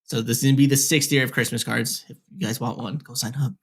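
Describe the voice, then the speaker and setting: Young male podcast co-host on headset mic, mid-pitched, loose rambling storyteller full of fillers. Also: fairly even intonation, fast, fairly bright tone, breathy edge. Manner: rambling, heavy filler "like, whatever". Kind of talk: casual storytelling.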